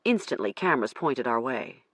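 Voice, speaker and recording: An audiobook narrator reading a first-person crime thriller in a measured storytelling manner. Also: mid-range voice, animated, fairly bright tone, breathy edge, dry recording.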